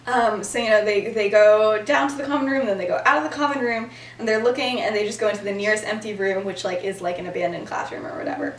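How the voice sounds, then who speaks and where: A woman's voice: mid-range voice, fairly even intonation, fast talker, few pauses, a little hiss or hum. A young woman retelling a story to a friend on a podcast, chatty and full of "like" fillers, laughing as she goes. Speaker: podcast host. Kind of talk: casual storytelling. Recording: roomy sound from far off.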